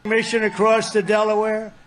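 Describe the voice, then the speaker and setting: A man's voice: high-pitched, completely flat delivery, normal speed. An older man giving a rally speech, rambling and repeating himself as he meanders through asides. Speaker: politician speaking at a rally.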